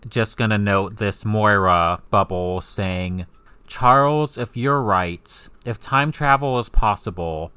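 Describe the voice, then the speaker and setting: Low, smooth, wry male podcast co-host. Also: slow, no echo. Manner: relaxed, wry, steers the discussion. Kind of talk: casual comic-book podcast chat.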